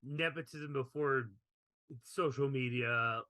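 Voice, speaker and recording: A man's voice: medium pitch, slow pace, pushed and bright, dry recording. A man co-hosting a movie podcast in casual chat, laughing easily as he reads critics' quotes. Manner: laughs while reading quotes. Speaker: podcast co-host.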